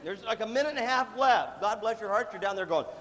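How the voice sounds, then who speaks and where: Brief: male workshop speaker, a little high, lively, playful, with a big hall echo behind him. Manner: animated, joking, acts out quick voices and sudden shouts. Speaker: leadership speaker. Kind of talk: motivational workshop talk. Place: large hall with a student audience. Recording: echoey hall, faint room noise.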